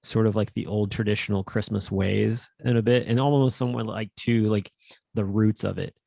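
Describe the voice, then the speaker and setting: A man's voice: lowish voice, fairly even intonation, moderate pace, vocal fry, dark tone, no room sound, studio quality. A man co-hosting a podcast, chatting casually and rambling with lots of fillers. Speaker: podcast co-host.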